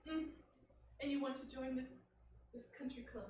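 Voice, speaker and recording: A woman's voice: high voice, fairly even intonation, moderate pace, darkish tone, slight background noise, lightly acted. A woman playing a smug, wealthy country-club snob who talks down to others in a live improv scene. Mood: condescending. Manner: condescending, sing-song. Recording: echoey theater from far off.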